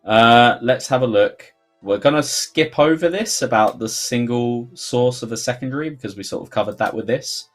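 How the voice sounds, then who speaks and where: A man's voice: mid-range voice, moderate pace, soft background music. A man with a London accent hosting a livestream Q&A, chatty and rambling, full of fillers and sudden jokey outbursts. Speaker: game developer host. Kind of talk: livestream Q&A chat.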